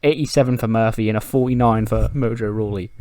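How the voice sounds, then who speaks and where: A man's voice: on the low side, fairly even intonation, quick pace, warm tone, no room sound. Chatty man recapping a game. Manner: chatty and loose, swears casually. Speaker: game video creator. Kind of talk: casual recap of a simulation game.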